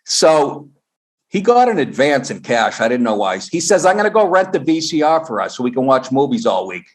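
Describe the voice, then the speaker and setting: A middle-aged comedian telling stories on a podcast, animated and profane, acting out the people he quotes. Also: medium pitch, normal speed. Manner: animated storyteller, swears, acts out quotes. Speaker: guest comedian. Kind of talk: casual podcast chat.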